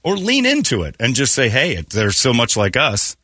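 Lively, bright-voiced male radio host. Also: mid-range voice, a little slow, no room sound, clean studio sound. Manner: loud, jokey storytelling with shouted impressions. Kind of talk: morning radio banter. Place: radio studio.

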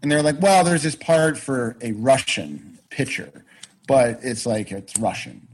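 A man tells a long personal story as a podcast guest in an unhurried, casual storytelling chat, speaking animatedly and loosely, swearing freely, and frequently restarting his sentences. His voice is slightly husky and medium-pitched, and the audio is poor.

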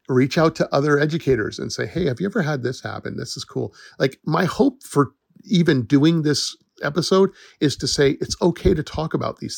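A man's voice: medium pitch, gravelly, dry recording, clean studio sound. A middle-aged man hosting a podcast, talking in an earnest, reassuring way and laughing now and then. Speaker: podcast host, forest educator. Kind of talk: casual solo podcast talk.

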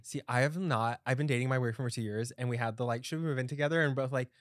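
A man's voice: mid-range voice, fairly even intonation, fast talker, no echo, studio quality. A young man hosting a podcast in casual chat, talking loosely with lots of "like" and frequent laughs. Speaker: podcast host.

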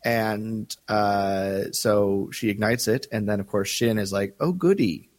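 A man's voice: fairly low pitch, level tone, slow pace. A man co-hosting a fan podcast, recapping scenes in an easygoing way. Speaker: podcast co-host. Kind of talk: casual fan podcast discussion.

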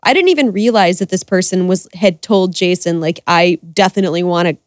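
A woman co-hosting a podcast, telling stories in quick, wry casual chat with laughter. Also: lowish voice, dry recording, studio quality. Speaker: podcast co-host.

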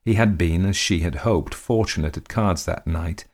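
A man narrating a period ghost story in a measured, dramatic way. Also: deep voice, darkish tone.

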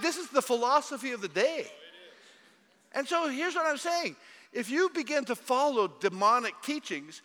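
A man preaching a sermon in a church, animated, with mocking asides. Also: high voice, in a large hall. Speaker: pastor.

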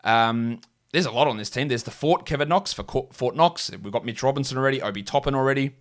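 A man's voice: medium pitch, quick pace. An Australian man hosting a podcast, chatting casually and joking as he thinks aloud, with plenty of fillers. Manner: rambling, jokey, thinks aloud with many fillers. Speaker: podcast host. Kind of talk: casual solo podcast chat.

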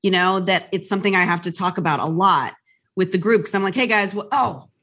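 A woman talking as a podcast guest in casual chat, animated and laughing often as she acts out little quoted exchanges. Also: medium pitch, a little fast.

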